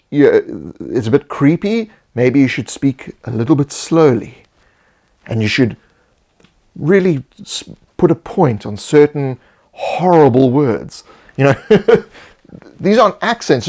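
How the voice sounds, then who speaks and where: A man co-hosting a casual chat with game master tips, talking in a relaxed, rambling way with frequent restarts. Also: medium pitch.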